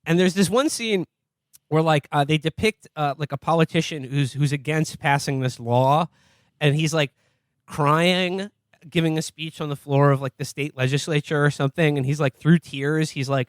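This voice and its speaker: A man with a somewhat high voice rants sardonically as a podcast co-host, swearing freely with an exasperated edge. The mic is close and dry. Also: moderate pace, no room sound. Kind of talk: casual podcast chat.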